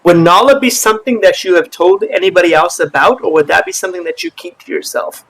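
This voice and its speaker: A man's voice: high voice, low-quality recording. A man narrating a tabletop role-playing session as game master, setting scenes and voicing what happens. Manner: slow, relaxed storytelling with gravelly voice.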